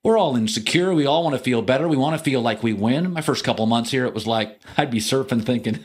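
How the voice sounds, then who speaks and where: A middle-aged man hosting a sports talk show, delivering an opinionated monologue with jokes and quick mocking impressions. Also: mid-range voice, slightly rough. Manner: animated, joking, swings into mocking impressions. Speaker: sports radio host.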